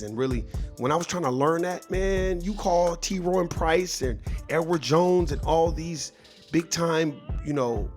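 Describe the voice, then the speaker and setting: Earnest preachy man with faint music. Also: a little high. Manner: earnest, preachy, swears freely, repeats and restarts. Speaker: vlogger. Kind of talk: casual monologue, giving advice.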